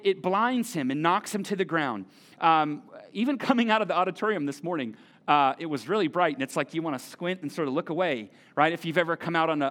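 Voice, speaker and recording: A middle-aged pastor delivering a sermon in a church auditorium. He talks in a loose, conversational way and comes back to key words to drive them home. His voice sits a little higher than most men's. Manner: animated, conversational preaching with repeated phrases.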